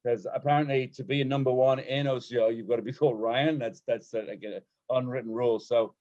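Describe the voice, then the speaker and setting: A British man trading jokey banter as a podcast co-host. His mid-pitched voice comes through a slightly muffled, lo-fi call line. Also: fairly even intonation, a little mellow. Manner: joking, quick-witted teasing. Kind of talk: casual banter.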